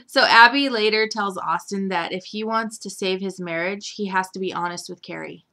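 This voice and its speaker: A woman's voice: mid-range voice, normal speed, bright, forceful tone. A young woman hosting a casual soap opera recap, chatty and giggly, with lots of fillers. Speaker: recap host. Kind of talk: casual chat.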